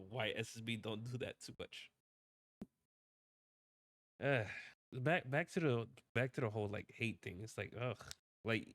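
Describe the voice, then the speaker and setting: A man's voice: lowish voice, fairly bright tone, no room sound, studio quality. A male streamer talking casually in a rambling rant, repeating himself, swearing often and restarting his sentences.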